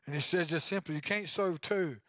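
A man in his sixties preaching a sermon as pastor, swinging between loud preaching and quiet asides. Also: a little high, a little fast, no echo.

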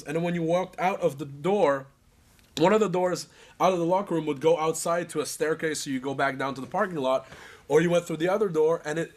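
A man telling animated stories in a casual interview, acting out other people and laughing as he goes. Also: a little high. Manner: animated, acts out voices and laughs through stories.

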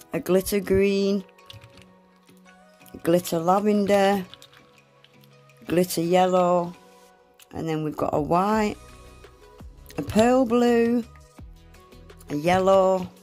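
A woman's voice: medium pitch, a little mellow. A young woman, unboxing gifts in a casual vlog, gasping and exclaiming often and swearing casually. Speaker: nail art vlogger.

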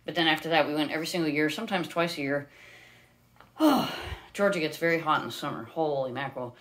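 A woman from the United States, owner of a pet parrot, chatting casually on a live stream and often switching to a high, sing-song voice to coo at her bird. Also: fast, a bit bright.

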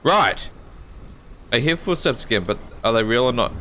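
A man's voice: mid-range voice, animated, normal speed, bright, forceful tone, slight background noise. An Australian man, the host, giving jumpy, joking commentary while playing a horror game and swearing often. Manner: jumpy, swears a lot, jokes to himself. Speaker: gaming channel host.

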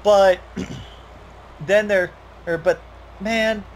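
A man's voice: high voice, steady tone, very slow, a little hiss or hum. A young man commentating a wrestling video game in a rambling, opinionated, profane way.

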